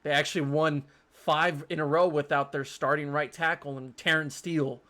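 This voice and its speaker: A man hosting a casual sports podcast. His voice sits a bit higher than most men's. He talks in animated, quick bursts and often restarts his sentences as he thinks aloud. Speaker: podcast host.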